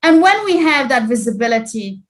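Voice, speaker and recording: A woman presents a talk on cyber risk management in a slightly high voice. She speaks fast, stacking explanations with many small asides and restarts. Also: big pitch swings.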